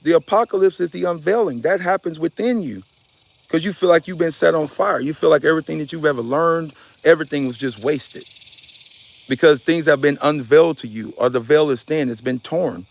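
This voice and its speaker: A man's voice: fairly high pitch, fairly quick, creaky. A man giving an impassioned spiritual talk, emphatic and preachy, with casual slang and swearing, often calling his listeners y'all. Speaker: spiritual speaker.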